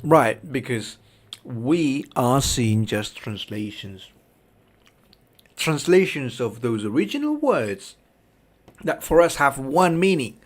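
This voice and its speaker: Slow, emphatic man. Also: medium pitch, very animated. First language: Spanish. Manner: emphatic, often asks "right?". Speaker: livestream host. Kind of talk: casual commentary.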